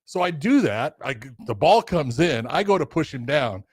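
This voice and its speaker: An older man co-hosting a podcast who tells stories in a casual, animated way, swearing now and then and acting out the voices of the people he quotes. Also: medium pitch, moderate pace, slightly rough, no echo, clean studio sound. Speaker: podcast co-host, former referee. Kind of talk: casual storytelling chat.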